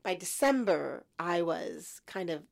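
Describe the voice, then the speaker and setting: A woman in her fifties tells her own story as an interview guest, her low voice carrying a gravelly edge. She animates the tale by slipping into the voice of her younger self, then settles back into thoughtful recollection. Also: expressive, slow pace. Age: 50s.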